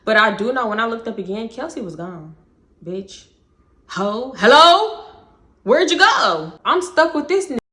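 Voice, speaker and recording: A woman telling a profane, animated story to her vlog audience. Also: on the high side, moderate pace, echoey room. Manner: animated, profane, dramatic retelling. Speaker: storytime vlogger. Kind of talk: casual storytelling.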